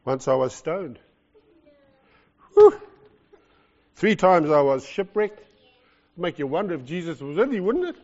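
Animated New Zealand preacher, lo-fi recording. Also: male voice, fairly high pitch, unhurried, long pauses, big-room sound. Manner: animated, jokey, swings from loud to soft. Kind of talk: sermon. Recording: lo-fi muffled recording.

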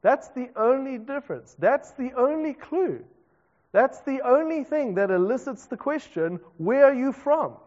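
A man's voice: extremely high pitch, animated, measured pace, a little mellow. A South African man, a pastor, preaching a conversational sermon with self-deprecating asides. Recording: dull reverberant hall recording.

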